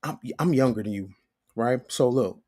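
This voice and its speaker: A man's voice: medium pitch, normal speed, mellow. A young man hosting a live call-in show, insistent and repeating himself to press his point. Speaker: host.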